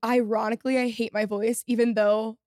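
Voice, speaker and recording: A woman's voice: a little high, flat delivery, a little fast, a little mellow, no room sound, studio quality. A woman in her twenties from Texas with a Valley girl accent, hosting a podcast in a giggly, self-deprecating way. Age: 20s. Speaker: podcast host. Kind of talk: casual chat.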